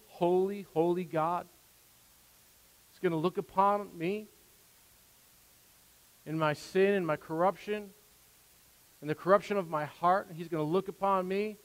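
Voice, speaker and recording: Earnest high-voiced male pastor preaching. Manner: earnest preaching with rising emphasis and asides. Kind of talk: sermon. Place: church sanctuary. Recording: long hall reverb.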